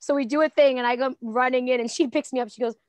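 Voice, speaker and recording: A woman's voice: high-pitched, fast, no echo. A woman guest on a podcast chatting casually, telling stories with lots of laughter and acting out what people said. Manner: giggly, animated storyteller acting out quotes. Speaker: guest, professional wrestler.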